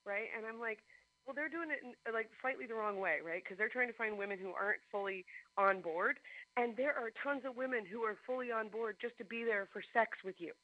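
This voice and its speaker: A woman's voice: on the high side, a little fast. Blunt woman on a phone line. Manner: blunt, profane, laughing. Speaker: guest caller. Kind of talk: casual chat. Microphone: phone call.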